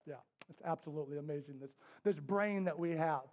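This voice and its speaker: High-voiced man teaching a parenting class. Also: a little fast. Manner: candid, acts out quoted voices, drops to soft quiet tones. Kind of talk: storytelling workshop talk. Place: indoor classroom with a live group.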